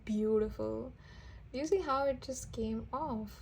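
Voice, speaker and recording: A woman with a fairly high voice gives a tarot reading straight to her viewers. She talks gently and warmly excited, often restarting her sentences and breaking into soft exclamations. A faint hiss sits under the recording. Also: unhurried, vocal fry. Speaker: tarot reader. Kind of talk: intuitive reading addressed to viewers.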